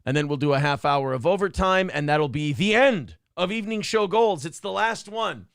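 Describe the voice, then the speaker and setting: A man's voice: on the high side, expressive, moderate pace, gravelly, a bit bright, clean tone, no echo, studio quality. A man hosting a casual live show, joking crudely and reading out viewer messages. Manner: joking, reads chat messages aloud.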